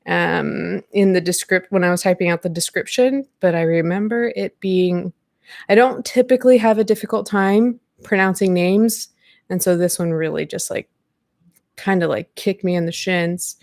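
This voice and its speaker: A woman's voice: fairly low pitch, a little mellow, dry recording, studio quality. A woman in her thirties hosting a casual live-stream podcast from home, chatty and self-deprecating with lots of fillers. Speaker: podcast host. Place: home room at a computer.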